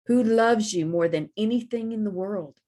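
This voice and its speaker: A woman voicing a wise, kind female animal princess who speaks softly and deliberately in a storybook reading. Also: medium pitch, natural voice. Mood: gentle coaxing.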